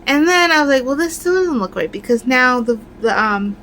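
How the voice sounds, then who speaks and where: A woman's voice: high-pitched, expressive, normal speed, fairly bright tone, a little hiss or hum, low-quality recording. A woman crafting vlogger in casual chat, ranting with lots of fillers.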